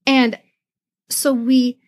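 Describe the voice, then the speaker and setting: A middle-aged woman with a fairly high voice talks casually as a podcast co-host. She tells a long personal story in a chatty way and acts out her own past thoughts. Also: little pitch movement, extremely slow. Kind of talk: casual chat.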